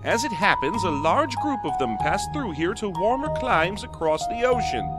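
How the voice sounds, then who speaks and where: A tiny, croaky old storybook sage, as a man puts him on, speaks in a slow, knowing tone. His pitch moves a lot, and loud music plays behind. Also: big pitch swings.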